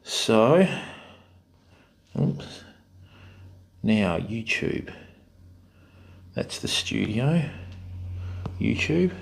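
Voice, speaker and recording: Aussie bloke with a bit of gravel in his voice, chatty, greets everyone as mate. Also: fairly low pitch, sing-song, very slow, long pauses, slight background noise. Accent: Australian. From Australia. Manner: friendly, greets viewers by name, calls people mate and bud. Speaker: fishing stream host. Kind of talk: casual live-stream chat.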